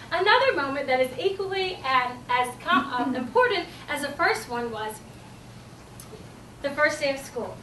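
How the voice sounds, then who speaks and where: A woman giving a humorous contest speech, animated and acting out children's voices in a stage storytelling style. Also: takes it slowly, pauses often, noisy background. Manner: animated, acts out children's voices in high squeals. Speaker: speech contest speaker, teacher. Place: event hall. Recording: roomy hall, mic from a distance.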